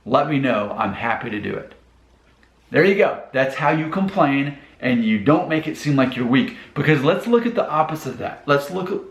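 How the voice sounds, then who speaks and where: A man hosting his own channel, earnestly talking through practical advice to the camera in a casual way. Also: mid-range voice. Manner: earnest, repeats steps, restarts. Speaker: channel host giving advice. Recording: roomy echo.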